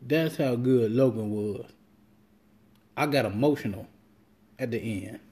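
In a casual, meandering podcast monologue, a man with a warm, mellow, medium-pitched voice curses openly and briefly imitates the people who spoke to him.

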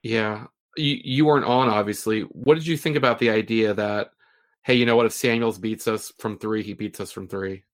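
A man hosting a podcast in casual sports chat, easygoing and quick to chuckle. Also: fairly low pitch, steady tone. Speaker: podcast host.

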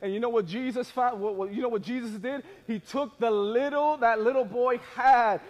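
A man preaching a sermon, building from quiet asides to shouted peaks and acting out the voices of biblical people in casual modern speech. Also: very high-pitched, moderate pace, hardly any pauses. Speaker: pastor.

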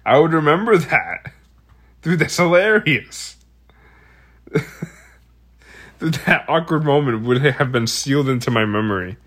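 A man in casual chat, laughing along, swearing, and describing things in halting detail. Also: fairly high pitch, lively intonation, fairly bright tone.

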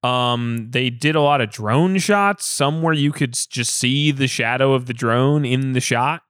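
A man's voice: medium pitch, measured pace, a bit bright, clear, resonant tone, no echo, studio quality. A man co-hosting a casual movie review chat, talking in a loose, rambling way with swearing and fillers. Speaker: podcast co-host.

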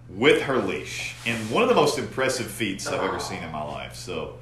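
A man's voice: deep voice, big pitch swings, moderate pace, hardly any pauses, a bit bright. A man co-hosting a podcast, drunk, rambling and swearing in casual banter. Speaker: podcast host. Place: garage. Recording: echoey garage, faint background noise.

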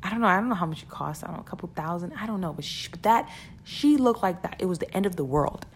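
A woman's voice: lowish voice, lively intonation, fast, a little hiss or hum. A woman talking casually and earnestly to her listeners about keeping perspective, often repeating words and laughing between points. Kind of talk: casual motivational talk.

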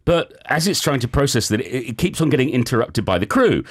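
A man's voice: medium pitch, sing-song, brisk. Male radio host summing up a story. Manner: explains the story plot step by step. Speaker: radio book show host. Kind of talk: radio book discussion. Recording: music playing underneath.

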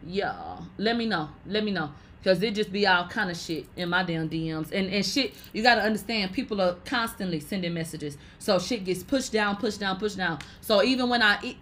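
A woman hosting a casual livestream, reading viewer comments aloud in a brash, profane way and laughing loudly often. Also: mid-range voice, normal speed. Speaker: livestream host.

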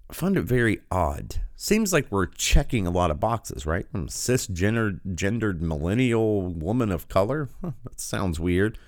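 A man with a fairly low voice that swings wildly in pitch as he reacts with sarcasm and disbelief. He delivers his commentary in a dry, close recording with no room sound. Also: big pitch swings, moderate pace, few pauses, no echo. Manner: sarcastic, incredulous, interrupting.

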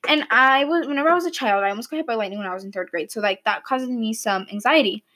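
A woman's voice: fairly high pitch, fast talker, sharp tone, slight background noise. A young woman hosting her new podcast, telling a personal story in a chatty, rambling way, full of likes and ums. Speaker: podcast host. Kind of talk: casual storytelling monologue.

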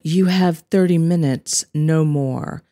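A woman voicing an impassive female werewolf guard who speaks low and clipped. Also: slow pace, warm tone. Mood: cold. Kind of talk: audiobook character voice.

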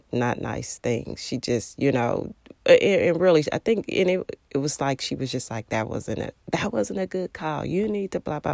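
Gravelly, halting devotional storyteller. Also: mid-range voice, no echo, studio quality. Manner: rambling, halting, frequent fillers and restarts; acts out quoted remarks in a raised voice. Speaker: parent sharing a devotional story.

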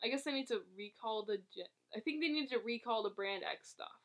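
A woman's voice: fairly high pitch, a little fast. A woman casually recapping a movie plot for a co-host, rambling and giggling, with lots of fillers and restarts. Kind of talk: casual chat.

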